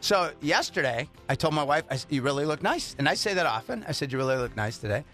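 Radio host guy, pretty high voice, bright and chatty. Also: animated, fast talker, faint music behind. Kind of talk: morning radio chat.

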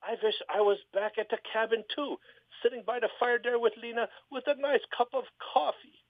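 A man's voice: a little fast, no echo. Ole, a dithering dim man played by a man. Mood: flustered. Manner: high flustered dithering voice. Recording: tinny phone line.

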